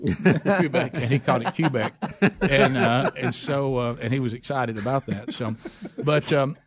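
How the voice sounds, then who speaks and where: A man's voice: medium pitch, normal speed. A man with a Southern US accent hosting a casual chat, telling stories in a rambling, folksy way and laughing often. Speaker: host.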